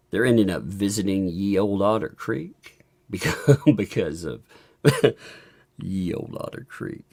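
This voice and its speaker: A man's voice: creaky, breathy edge. A man hosting a casual live stream, commenting and chuckling often as he talks. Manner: chuckles often through his talk; animated, swinging up and down in pitch.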